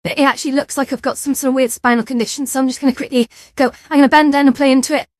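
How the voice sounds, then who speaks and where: A woman's voice: sits high, fairly even intonation, rapid-fire, no room sound, studio quality. A woman streaming from a VR game, chatting casually with her viewers, self-mocking and lightly swearing. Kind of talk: casual live-stream chat.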